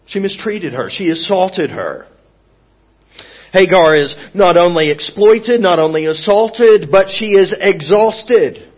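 Male preacher, earnest sermon delivery, emphatic to hushed, slightly high voice. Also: expressive, slow pace, lo-fi sound.

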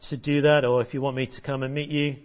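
A man's voice: medium pitch, little pitch movement, quick pace, muffled recording. A man preaching a sermon and leading children through a memory verse, encouraging and call-and-response. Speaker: pastor. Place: church service.

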